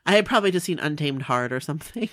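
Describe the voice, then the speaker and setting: A woman's voice: sits low, expressive, racing, fairly bright tone, no echo, studio quality. A woman chatting casually, teasing and laughing often. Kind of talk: casual chat.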